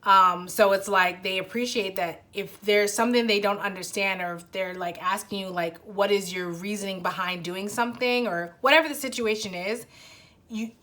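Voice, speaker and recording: A woman's voice: medium pitch, steady tone, normal speed, pushed and bright. A young adult woman giving a casual pick-a-card tarot reading, talking to the viewer in a rambling way full of restarts and fillers. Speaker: tarot reader.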